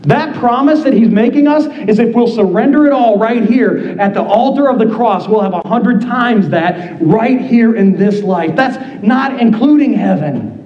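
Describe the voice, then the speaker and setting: A man's voice: extremely high pitch, lively intonation, normal speed. A man preaching an impassioned sermon, acting out the scripture as he goes. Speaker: pastor. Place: church sanctuary. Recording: roomy, slightly dull church sound.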